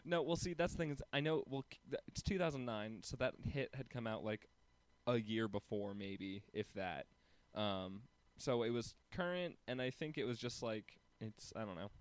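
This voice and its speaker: A man's voice: mid-range voice, normal speed, smooth. A man co-hosting a casual chat about a TV episode, hesitant, with lots of ums and restarts. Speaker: podcast co-host.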